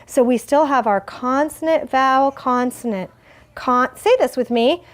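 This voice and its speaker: A woman teaching a first grade phonics lesson, asking gentle questions and stretching out words slowly. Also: high-pitched. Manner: slow, exaggerated word modeling.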